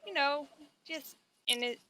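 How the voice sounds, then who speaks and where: A woman's voice: high-pitched, unhurried, pushed and bright. A woman playing in a tabletop game, speaking casually and hesitantly, with restarts as she thinks. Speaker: player.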